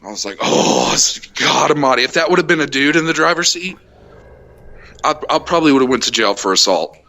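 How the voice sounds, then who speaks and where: A young adult man hosting a casual podcast, telling a heated, profane road-rage story and acting out the shouting. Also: a little high, lively intonation, fast talker. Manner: profane, heated retelling, acts out shouted quotes. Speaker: podcast host.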